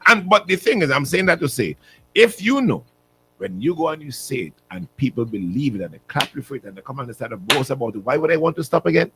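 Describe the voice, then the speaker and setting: A man's voice: medium pitch, big pitch swings, fast, background noise. A man with a Vincentian accent co-hosting a morning radio show, joking and arguing rhetorically. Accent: Vincentian English. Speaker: radio co-host. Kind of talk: casual talk radio banter.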